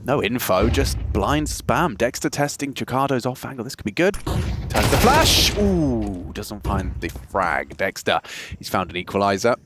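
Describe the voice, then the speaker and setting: Excitable male esports caster over gunfire. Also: mid-range voice, unhurried. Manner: excitable, chatty, jokey. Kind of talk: play-by-play commentary and banter. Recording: noisy game audio behind. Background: game gunfire and clicks.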